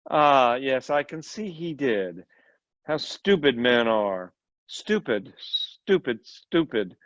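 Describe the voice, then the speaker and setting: A man's voice: medium pitch, sing-song, slow, no room sound. A man voicing a cold, composed foreign woman. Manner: quiet, composed, then intense. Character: calm, cold foreign woman, tall and pale. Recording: dull lo-fi recording.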